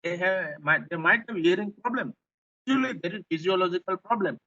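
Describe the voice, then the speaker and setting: A male lecturer with an Indian English accent explains his points, often saying them twice. His voice sits high and sounds very bright and sharp. The recording is dull and lo-fi. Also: brisk. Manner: repetitive, explanatory, rephrases points. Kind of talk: classroom lecture.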